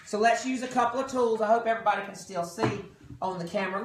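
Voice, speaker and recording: A man's voice: high voice, quick pace, echoey room, distant mic, a crowd in the background, poor audio. A man giving a chatty, joking cooking demonstration to guests in a kitchen. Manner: folksy, jokey, chatty with guests. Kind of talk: live kitchen product demo.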